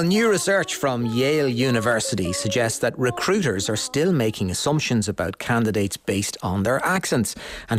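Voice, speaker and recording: A man, hosting a radio talk show in a measured, questioning way. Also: mid-range voice, dry recording. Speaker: radio host.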